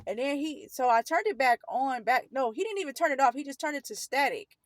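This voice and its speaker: A woman's voice: high voice, animated, fairly quick, no room sound. Rambling woman telling a personal story. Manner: rambling, self-correcting, earnest retelling. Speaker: storyteller vlogger. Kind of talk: casual storytime recounting.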